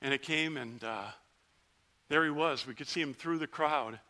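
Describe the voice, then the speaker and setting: A man's voice: on the high side, moderate pace. A man voicing a leper who was one of ten, telling his story in a first-person dramatic sermon as a vivid storyteller. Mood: earnest. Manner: vivid storyteller, shouts the plea, then hushes.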